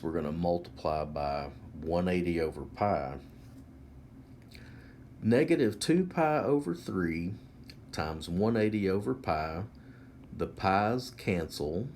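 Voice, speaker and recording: Slow, deep-voiced man explaining math. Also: a little mellow, a little hiss or hum. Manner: slow, methodical, step-by-step explaining. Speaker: math teacher. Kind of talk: whiteboard lesson narration.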